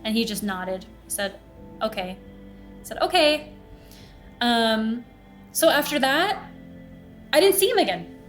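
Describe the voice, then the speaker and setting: A young woman hosts a podcast over soft background music, her voice a little high and her delivery a little slow with long pauses. She tells a personal story casually and animatedly, voicing the people she quotes.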